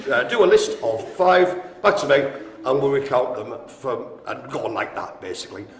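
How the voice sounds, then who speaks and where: A man hosting a live-streamed bingo game, jokey and chatty, calling out names and often addressing the audience as ladies and gentlemen. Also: medium pitch, a little hiss or hum. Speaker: bingo host. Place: indoor room at a care home. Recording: roomy with faint ambience.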